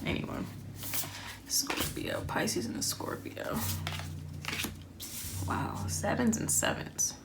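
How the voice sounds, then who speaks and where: A woman giving a casual tarot reading, rambling and thinking aloud with frequent pauses and ums. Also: very noisy. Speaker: tarot reader.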